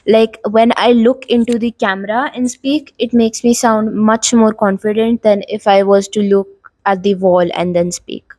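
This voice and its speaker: A woman's voice: mid-range voice, a little mellow, no room sound. A young woman hosting a tutorial video, explaining tips casually to the camera with frequent filler words. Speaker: YouTube host giving tips. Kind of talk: talking-head tutorial.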